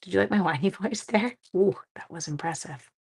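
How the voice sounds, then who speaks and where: Her mid-range voice is brisk, with a creaky, breathy edge. She's a seventh-grade teacher narrating a live-stream card-making demo, poking fun at herself and muttering to herself along the way.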